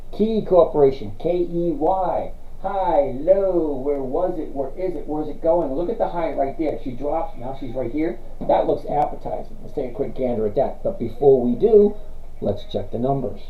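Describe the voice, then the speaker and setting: A middle-aged man hosting a casual livestream, chatting with viewers and reading out their comments. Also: a little high. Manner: chatty, reads out viewer comments, apologetic refusals. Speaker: livestream host reviewing stocks. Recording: roomy, dull lo-fi stream audio.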